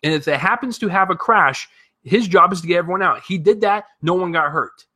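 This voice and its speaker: Man, casual movie review, animated, swears a lot, rambling fillers, sharp forceful tone. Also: high voice, fairly quick, slightly rough. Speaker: film reviewer.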